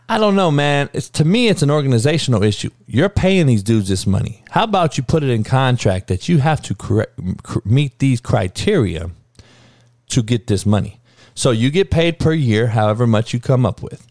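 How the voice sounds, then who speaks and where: A man's voice: mid-range voice, a little mellow, no echo, clean studio sound. A man hosting a sports podcast, ranting in a heated, profane, rambling way and often calling listeners dog. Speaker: podcast host. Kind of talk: casual sports rant.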